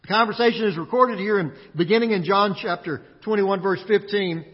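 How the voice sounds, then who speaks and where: High-voiced pastor in a reverberant church. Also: male voice, fairly quick, lo-fi sound. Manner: conversational preaching with frequent word repeats. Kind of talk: sermon. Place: church sanctuary.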